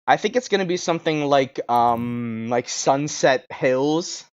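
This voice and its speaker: A man co-hosting a comedy podcast, riffing and pitching a story idea. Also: measured pace, lo-fi sound. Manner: riffing, slips into gruff character voices. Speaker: podcast co-host.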